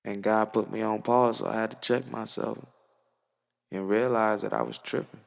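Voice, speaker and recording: A man's voice: fairly low pitch, level tone, normal speed, gravelly, big-room sound. A young man musician giving an earnest, slangy, profane monologue to camera. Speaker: musician vlogger. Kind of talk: reflective casual monologue.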